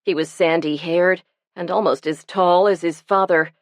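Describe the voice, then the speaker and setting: A woman narrating an audiobook in an expressive storytelling manner. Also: on the low side, normal speed, dry recording. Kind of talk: scripted narration.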